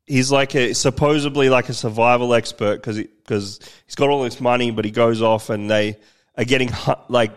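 A man, chatting casually as a podcast co-host and throwing in wry, quick asides. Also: mid-range voice, steady tone, smooth. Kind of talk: casual chat.

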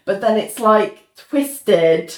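A woman's voice: medium pitch, extremely slow, darkish tone. A woman co-hosting a casual podcast, talking through a TV show in a thoughtful, agreeable way. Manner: thoughtful, agreeable, many "like" fillers. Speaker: podcast co-host. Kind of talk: casual chat discussing a TV episode.

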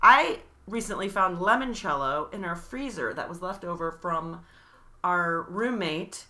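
A woman's voice: on the low side, animated, measured pace, pushed and bright. A woman co-hosting a casual podcast, chatty and laughing often as she drives the conversation. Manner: chatty, laughs often, scripted intro with a sung jingle. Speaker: podcast co-host. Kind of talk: casual chat.

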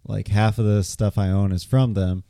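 A man with a very warm, dark voice co-hosting a movie podcast. He talks in a relaxed way with casual fillers and a lowish pitch. The recording is dry and close. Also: normal speed, no room sound. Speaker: podcast co-host. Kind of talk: casual movie review chat.

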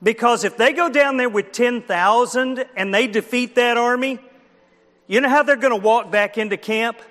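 A man's voice: extremely high pitch, moderate pace, fairly bright tone. A man preaching a children's sermon, telling a story with animation, acting out the characters and asking the listeners questions. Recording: long hall reverb.

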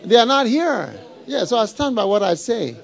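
A middle-aged man preaching a live sermon, animated and laughing, firing rhetorical questions at his congregation. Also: sits high, moderate pace, vocal fry, some chatter behind. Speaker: pastor.

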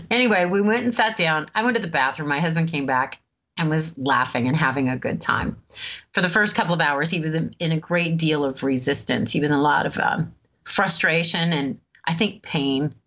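A woman in her fifties telling a personal story in a relaxed, chatty way, laughing often and pausing with many ums. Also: deep voice. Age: 50s. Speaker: host. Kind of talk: storytelling talk.

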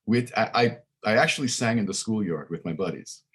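Expressive, brisk and a little bright, this older Brooklyn musician in his 60s has a husky, rather low voice. He's a guest in a casual interview, spinning rambling stories full of fillers and do-overs.

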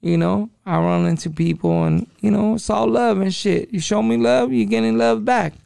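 Podcast guest, man, 40s, high-pitched and heavily gravelly, loose profane street talk. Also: normal speed, darkish tone, dry recording, studio quality. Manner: profane street slang, calls listener dog. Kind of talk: casual interview storytelling.

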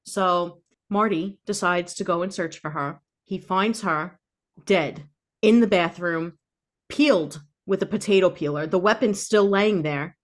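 A woman co-hosting a podcast, improvising a spooky story with playful, deadpan narration and quick mock voices for her characters. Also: on the low side. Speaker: podcast co-host.

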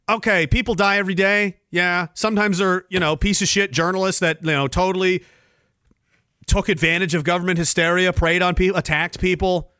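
A man hosting a podcast, delivering a sarcastic, profane rant with loud outbursts. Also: high voice, no room sound, clean studio sound. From Canada. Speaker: podcast host. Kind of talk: angry ranting monologue.

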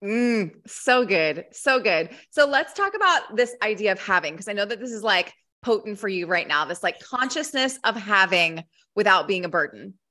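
A woman's voice: mid-range voice, lively intonation, normal speed, hardly any pauses, pushed and bright. A woman hosting a podcast, asking her guest questions in a casual, encouraging way. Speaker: host.

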